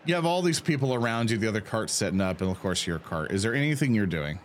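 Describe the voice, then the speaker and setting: A man's voice: fairly low pitch, lively intonation, fast, a little hiss or hum. A man running a tabletop game as game master, chatty and loose, laughing easily.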